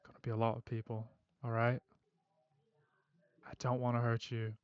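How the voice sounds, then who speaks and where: A man voicing a menacing male debt-collector warlock with an Australian accent, who makes calm threats and keeps saying mate. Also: medium pitch, normal speed, clean tone, muffled recording, voice pushed down, lightly acted.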